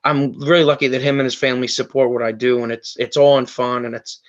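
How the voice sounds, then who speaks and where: A man's voice: mid-range voice, flat delivery, fast talker, muffled recording. A man guest on a podcast, telling an emotional story in a rambling way, full of fillers and restarts. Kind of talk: emotional storytelling in casual chat.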